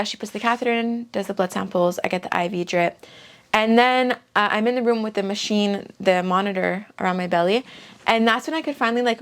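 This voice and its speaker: Chatty young woman telling a story. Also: mid-range voice. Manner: chatty, peppered with "like". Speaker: vlogger. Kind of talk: casual storytelling.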